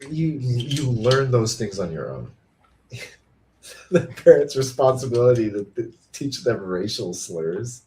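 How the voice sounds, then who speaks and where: A man's voice: medium pitch, measured pace, slight background noise. A man hosting a casual podcast chat, telling stories with lots of "like" and acting out the voices he quotes. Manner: animated storyteller who acts out quoted voices, many "like" fillers. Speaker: podcast host.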